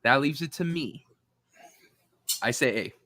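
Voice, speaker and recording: A man hosting a casual panel chat, lively and laughing easily as he tallies votes. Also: mid-range voice, measured pace, no echo. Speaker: host.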